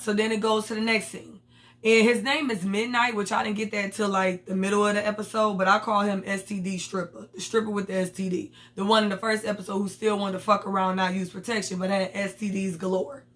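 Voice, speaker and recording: A woman's voice: mid-range voice, fairly bright tone. A woman reviewing a TV episode in a casual vlog, candid and slangy with blunt opinions. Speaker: TV show reviewer.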